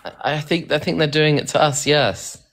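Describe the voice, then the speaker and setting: A man's voice: on the high side, lively intonation, moderate pace, vocal fry, a bit bright. A man co-hosting a casual live stream, chatty and amused, reading out comments and calling his partner darling.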